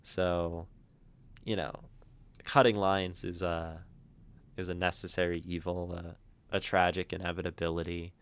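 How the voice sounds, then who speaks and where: A man hosting a livestream, chatting casually and thoughtfully with many halting restarts. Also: low-pitched, level tone, smooth. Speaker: livestream host reading community poetry.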